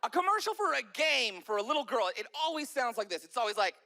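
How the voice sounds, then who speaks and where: A male stand-up comedian telling jokes in an animated way, often acting out voices. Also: very high voice, quick pace, creaky, hardly any pauses, a little hiss or hum.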